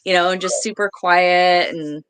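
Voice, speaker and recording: Woman, podcast co-host, lowish voice, chatty, easygoing casual talk. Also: steady tone, a little slow, fairly bright tone, smooth. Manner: chatty, says "like" a lot, easygoing. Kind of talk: casual chat.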